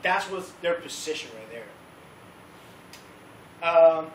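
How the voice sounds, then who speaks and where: A man giving a casual, animated teaching at a church youth service, acting out the voices of the crowd as he tells the story. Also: on the high side, slow pace. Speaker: youth leader. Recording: roomy, distant recording with faint background noise.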